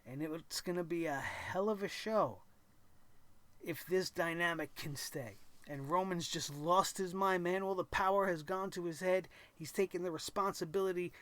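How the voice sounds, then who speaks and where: A man hosts a wrestling reaction show and talks in an animated way, sometimes acting out the wrestlers' lines. His voice sits high for a man. The sound is dry and close, with no room echo. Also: normal speed. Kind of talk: excited wrestling commentary.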